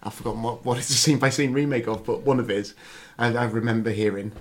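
A man's voice: medium pitch, fairly even intonation, fast. A man in casual film discussion, hesitant, often repeating words and trailing off.

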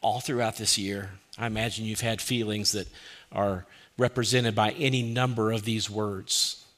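Guy preaching a sermon, bright clear voice, keeps asking questions then goes soft and quiet. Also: on the low side, level tone, moderate pace. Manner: asks many rhetorical questions, drops soft and quiet for quoted lines. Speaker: pastor.

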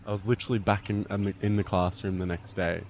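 A man's voice: low-pitched, level tone, fast, a little mellow, slight background noise. A young man as a podcast guest, laid-back and self-mocking in casual chat.

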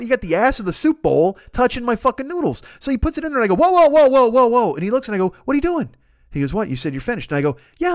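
A man with a high voice spins a long comic rant packed with swearing. His pitch leaps around as he does the voices of everyone in the tale. The sound is dry and close, with no room around it. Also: dry recording. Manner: profane, animated, acts out voices in his stories. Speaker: podcast host. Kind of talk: comic storytelling monologue.

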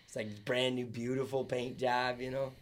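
A man's voice: medium pitch, fairly even intonation, moderate pace. Young guy chatting on a podcast, blunt, swears a lot, laughs easy, mid voice. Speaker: podcast co-host. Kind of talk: casual chat.

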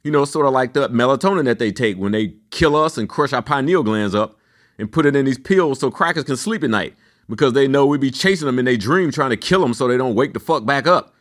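A man in his fifties delivering a loose, profane, rambling solo rant, his pitch swinging up and down as he goes. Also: animated, fairly quick. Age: 50s. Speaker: vlogger.

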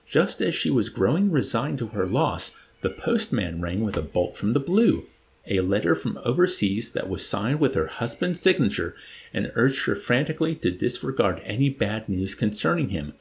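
A man reading a novel aloud expressively, pausing now and then to comment. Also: fairly low pitch, gravelly. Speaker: reader.

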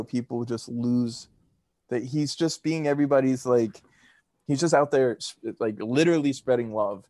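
A man's voice: medium pitch, warm tone, dry recording, studio quality. A man co-hosting a podcast, telling stories in a loose, rambling way full of fillers and laughs. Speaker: podcast co-host. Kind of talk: casual chat.

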